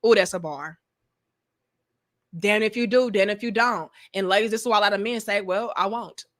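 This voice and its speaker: A woman hosting a casual livestream, reading chat comments and giving blunt, profane, animated advice. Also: medium pitch, quick pace.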